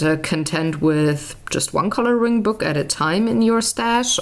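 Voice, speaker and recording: A woman chatting casually while she colours, rambling and searching aloud for words, with self-mocking asides. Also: low-pitched. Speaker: colouring vlogger.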